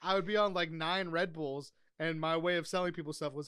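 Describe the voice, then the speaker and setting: A young man co-hosting a casual podcast, telling stories fast and acting out quoted lines. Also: on the high side, clean tone, dry recording, clean studio sound. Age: young adult. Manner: fast, excitable storytelling with quoted voices. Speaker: podcast co-host. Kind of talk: casual chat.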